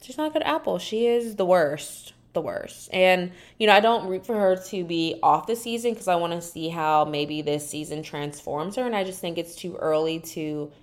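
A woman hosting a podcast by herself, chatting in a loose and sassy way. She acts out other people's words in exaggerated voices, and her speaking voice sits a little low. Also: normal speed, few pauses. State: dry mouth. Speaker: podcast host. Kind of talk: casual solo recap chat.

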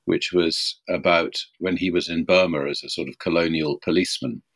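A man, an author being interviewed on a podcast, recalling a story in a reflective, measured way. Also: low voice, a bit bright, dry recording.

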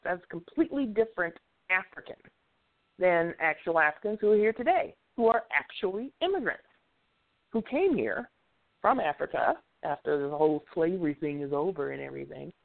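A woman's voice: lowish voice, animated, moderate pace, creaky. A woman giving blunt, opinionated commentary in a casual chat, chuckling now and then as she talks. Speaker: show regular giving opinions. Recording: tinny phone-like sound.

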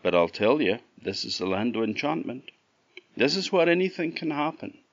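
A man's voice: medium pitch, very animated, moderate pace, dry recording, highs cut off, pitched above the performer's own voice. A man with an Orkney Scottish accent voicing a small, sarcastic male robin in a storybook tale, with a chirpy, teasing manner. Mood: knowing.

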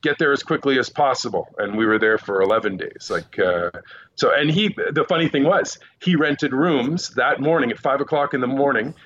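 A man who is a seasoned news correspondent tells lively field stories in a relaxed podcast chat, full of quick asides. His voice arrives over a slightly dull, muffled line. A faint hiss sits under it. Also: mid-range voice. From Quebec Eastern Townships, Canada. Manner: animated anecdotes, quick asides. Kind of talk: casual podcast interview storytelling.

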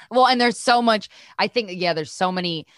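A woman's voice: mid-range voice, normal speed, no room sound, studio quality. A woman hosting a podcast, chatting casually and frankly with her guest, reacting often. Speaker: podcast host.

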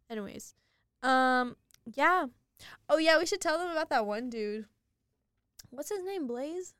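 A young woman's high voice comes through dry and clean from a studio, at a measured pace with frequent pauses. She co-hosts a podcast, chatting casually and giggling often through animated stories.

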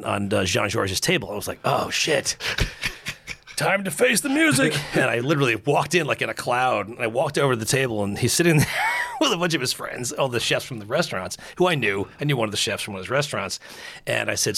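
A man, a burger expert and podcast guest, chatting casually and telling animated stories, acting out quotes and laughing often. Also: medium pitch, creaky, breathy edge. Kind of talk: casual interview chat.

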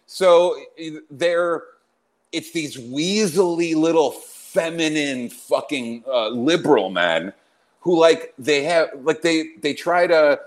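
A man's voice: a little high, expressive, takes it slowly. A man hosting a podcast, ranting in a brash, mocking way and laughing often in casual, profane chat. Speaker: podcast host.

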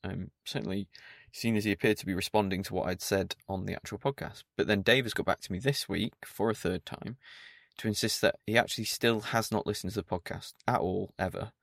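A man hosts a solo podcast in a dry, pedantic, mock-stern manner. His voice sits low with a gravelly fry. The recording is close and dry, with no room sound. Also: steady tone, brisk, hardly any pauses, fairly bright tone, no echo. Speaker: podcast host.

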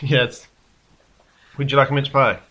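A man co-hosting a casual podcast chat, playful and quick to laugh. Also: medium pitch, little pitch movement, bright, forceful tone, highs cut off. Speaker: podcast co-host.

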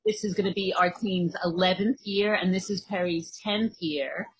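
A woman's voice: lowish voice, steady tone, moderate pace, breathy edge, lo-fi sound. A woman interviewing a guest in a friendly, encouraging way, with many fillers. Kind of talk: casual interview chat.

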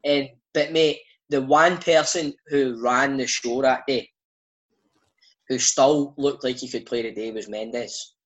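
A Scottish man, a father, telling casual stories as a guest, animated and full of slang. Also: mid-range voice, slow pace, low-quality recording. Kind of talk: casual storytelling chat.

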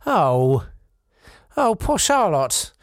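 A man's voice: sits high, sing-song, drawn-out words, no room sound. Wry, rambling man, dry sound. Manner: wry, rambling, gently self-mocking. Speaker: podcast host. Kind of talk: casual chat reading listener messages.

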